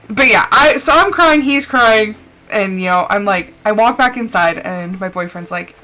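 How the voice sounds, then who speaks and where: A young woman streamer cries as she casually tells a personal story on a live stream, her voice mid-range, sharp in tone and at a normal pace. She speaks into a desk mic with no camera, and the rough recording carries faint music behind her.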